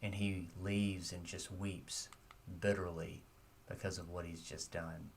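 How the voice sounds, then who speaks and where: A man's voice: sits low, flat delivery, a little slow, recorded from a distance, slight background noise. A man giving a short devotional sermon, earnest and reflective, putting direct questions to his listeners.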